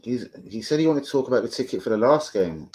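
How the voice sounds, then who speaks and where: A man's voice: mid-range voice, animated, fast, darkish tone. A man hosting a fan live stream, chatting casually, swearing freely and answering viewers off the cuff. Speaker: fan channel host.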